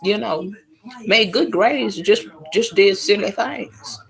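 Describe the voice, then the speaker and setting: A middle-aged woman tells a story during a casual chat on her live stream, animated and exclaiming throughout with drawn-out Southern phrasing. Her voice is medium-pitched and gravelly, and the audio quality is poor.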